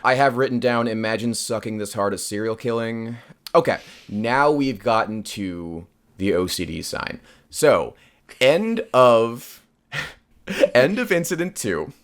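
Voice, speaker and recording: A man's voice: medium pitch, lively intonation, a little slow. A man co-hosting a podcast, talking about a film in a wry, chatty way with lots of fillers. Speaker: podcast co-host. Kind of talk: casual film discussion.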